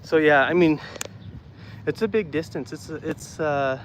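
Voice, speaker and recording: On a walking livestream, a breathless man talks loosely to his viewers and responds to live comments, repeating himself now and then. His voice sits on the high side and moves at a measured pace. Background noise comes through his phone mic; there's no external mic.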